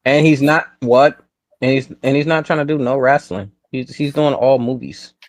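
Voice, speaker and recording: A man's voice: medium pitch, moderate pace, no echo. A man co-hosting a casual podcast with a mid-range voice and a dry, close sound. He talks in repeated bursts when worked up. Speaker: podcast co-host.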